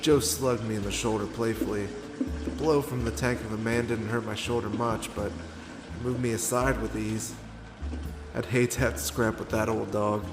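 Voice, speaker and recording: A man narrating in the first person as a world-weary, gruff detective who swears freely. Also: fairly low pitch, fairly even intonation, normal speed, music in the background.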